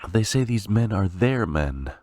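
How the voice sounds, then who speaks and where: An upset grown woman, bitter and weepy, as a man reading aloud puts her on. Her plaintive voice sits well above his own low register. The sound is dry and close. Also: big pitch swings, measured pace, darkish tone, no room sound.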